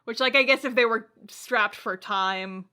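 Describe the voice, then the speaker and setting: A woman co-hosting a podcast, recapping an anime episode in casual, animated chat with frequent swearing and laughter. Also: on the high side, unhurried. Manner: animated, profane, laughs often. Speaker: podcast co-host.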